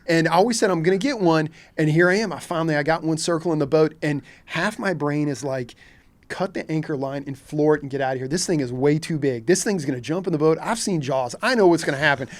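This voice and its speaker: A middle-aged man from Kentucky tells a fishing story as a guest on a podcast. He talks in a lively way and acts out his own shouts and thoughts. His voice sits a little high for a man. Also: a little fast. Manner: animated, acts out his own reactions in quotes. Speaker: guest, shark fishing captain.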